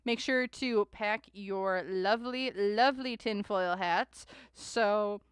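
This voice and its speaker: A woman's voice: medium pitch, slow, clean tone, dry recording, clean studio sound. A young adult woman hosting a live tarot stream, chatting with viewers in a rambling way and often laughing and sighing between thoughts.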